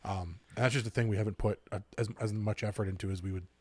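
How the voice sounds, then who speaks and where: A man's voice: fairly low pitch, fairly even intonation, quick pace, no room sound. A man co-hosting a live podcast in casual banter, telling jokes in story form with some hesitant restarts. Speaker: podcast co-host.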